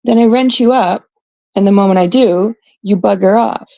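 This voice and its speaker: A woman's voice: mid-range voice, normal speed, creaky, dark tone, no echo. A blunt woman from Canada, talking casually to her live-stream chat in an exasperated way, swearing freely and quoting people mockingly. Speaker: livestream host.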